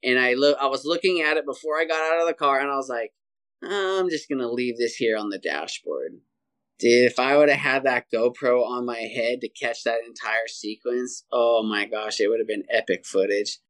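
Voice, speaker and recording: Animated man telling a story over a video call. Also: mid-range voice, a little fast, hardly any pauses. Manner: animated, energetic storyteller, says "dude" often. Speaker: podcast guest, hunter. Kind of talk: casual storytelling interview.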